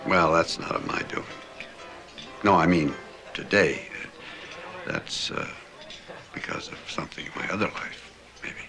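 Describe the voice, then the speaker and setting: A shy stammering boss with a very deep voice. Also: male voice. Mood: earnest. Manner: halting, stammering with fillers. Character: hesitant shy middle-aged male employer. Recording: film scene with music behind.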